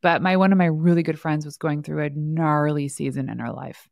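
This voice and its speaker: A woman's voice: low-pitched, steady tone, brisk, gravelly, a little mellow, no echo. A woman podcast host telling stories in a chatty way and laughing often. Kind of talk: casual conversation.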